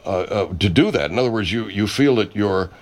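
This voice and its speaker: A man's voice: lowish voice, lively intonation, a little fast. A man playing a studio owner who meekly rambles and interrupts in an improvised comedy sketch.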